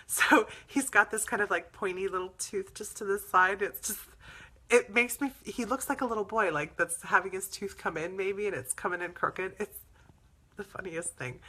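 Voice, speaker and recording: A woman host tells stories in a relaxed, chatty style, laughing frequently as she goes. Her voice is mid-range with a sharp edge.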